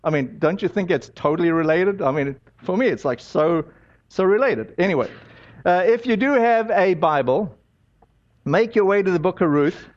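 Pastor, male, higher voice, chatty sermon delivery full of "uh"s, muffled lo-fi church recording. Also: animated, normal speed. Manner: conversational storytelling with many fillers.

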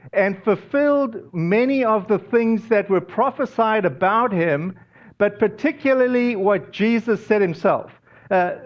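A man's voice: high voice, lo-fi sound. A man, a pastor, giving a conversational sermon, telling personal stories with frequent fillers. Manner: conversational, storytelling with many fillers.

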